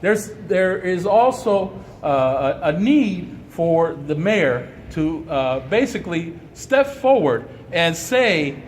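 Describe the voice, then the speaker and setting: Fiery high-voiced man in an echoey hall. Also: very animated, slow, few pauses. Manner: fiery, preacherly, rising to outrage. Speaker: community activist at press conference. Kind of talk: impassioned press conference statement. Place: indoor hall at a press conference. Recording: echoey hall with faint room noise.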